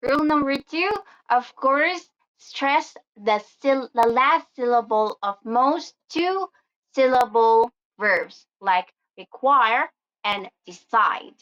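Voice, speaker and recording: A woman teaching an English lesson, explaining each rule slowly and deliberately with a few fillers. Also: high voice, lively intonation, a bit bright. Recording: slightly dull lo-fi audio.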